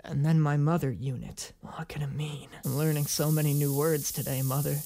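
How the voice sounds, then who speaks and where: Male reactor putting on a slow, deadpan robot boy, low and flat, repeating words he just learned. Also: creaky. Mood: deadpan curious.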